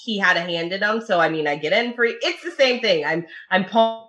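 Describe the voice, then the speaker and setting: A woman whose first language is Italian chats as a podcast guest in a bright, clear tone. She tells stories in an animated way, often breaking into laughter. Her voice sits at an average pitch for a woman. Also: a little fast. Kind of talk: casual chat.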